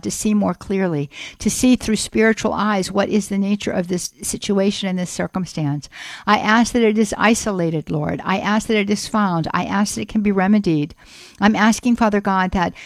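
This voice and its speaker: A woman's voice: mid-range voice, no room sound. Woman praying earnestly in a dry studio. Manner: earnest, slow, with repeated invocations. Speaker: radio show host. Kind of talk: spoken prayer and call-in radio talk.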